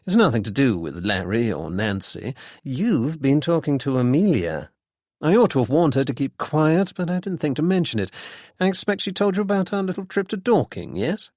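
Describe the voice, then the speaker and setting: A man voicing a young gentleman sleuth in an audiobook, speaking with dry, ironic politeness. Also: mid-range voice, sing-song, normal speed, dry recording, pitched above the performer's own voice. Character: wry young gentleman sleuth, bland and teasing.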